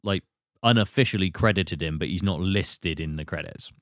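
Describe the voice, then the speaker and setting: A British man hosts a relaxed film chat with a lowish voice, recapping scenes and breaking into quick impressions of the characters. His voice is close and dry, with no room around it. He rushes through his recaps and swoops up high whenever something amuses him. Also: no room sound. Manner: animated retelling, slipping into quick impressions. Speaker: podcast host. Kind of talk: casual film discussion.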